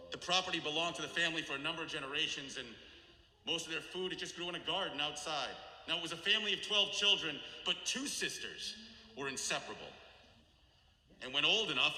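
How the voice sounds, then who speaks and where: A man giving a sermon as a rabbi, telling stories dramatically and slowing and dropping his voice low for solemn moments. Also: pushed and bright. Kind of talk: sermon storytelling. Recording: echoey hall with long reverb.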